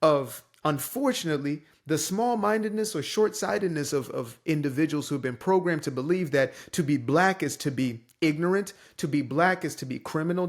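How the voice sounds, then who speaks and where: Young man commentator, higher-pitched, emphatic and conversational, from the Bay Area. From San Francisco Bay Area. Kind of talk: casual opinion monologue.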